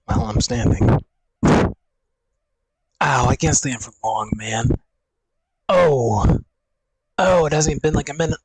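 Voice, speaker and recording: A man's voice: mid-range voice, lively intonation, drawn-out words, pauses often, a little mellow, breathy edge, no echo, poor audio. A young man streaming from home, in pain and short of breath, groaning and swearing as he talks to himself into a desk mic. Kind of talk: casual talk to viewers. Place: at home, indoors. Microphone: desk microphone.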